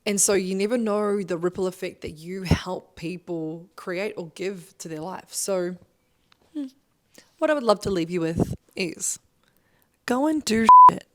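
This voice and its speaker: A woman's voice: lowish voice, a little slow, pushed and bright, a little hiss or hum. A thirty-year-old woman, a business coach giving a motivational monologue, emphatic and swearing often.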